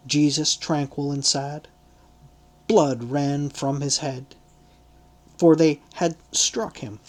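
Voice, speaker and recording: A man narrating a literary audiobook in a measured, deliberate reading style. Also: mid-range voice.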